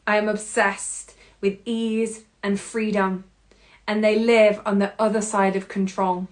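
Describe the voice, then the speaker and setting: A woman hosting a podcast, giving an expressive self-help monologue and often breaking into laughter. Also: mid-range voice, unhurried. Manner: expressive, laughs often, acts out her own inner voice. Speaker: podcast host.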